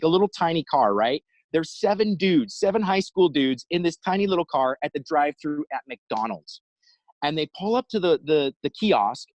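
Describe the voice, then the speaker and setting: Male motivational speaker on a video call, somewhat high voice, dry and close, lively storyteller. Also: dry recording, low-quality recording. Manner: animated, acts out quotes. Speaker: inspirational speaker.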